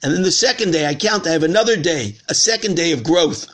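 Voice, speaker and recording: A man's voice: a little high, animated, fast, fairly bright tone, slight background noise. A man from Washington, D.C., giving a conversational Torah lesson as a rabbi, earnest and telling a story with repeated phrases. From Washington, D.C., USA. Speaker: rabbi teaching.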